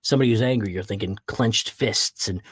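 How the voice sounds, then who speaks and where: A man hosting a podcast, giving an animated motivational talk and slipping into acted voices for quick examples. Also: on the low side, slightly rough, dry recording, studio quality. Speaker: podcast host.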